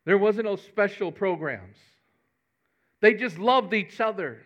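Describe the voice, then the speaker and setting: A man's voice: sits high, expressive, slow pace, highs cut off. A man, a pastor giving a folksy, conversational sermon with humor.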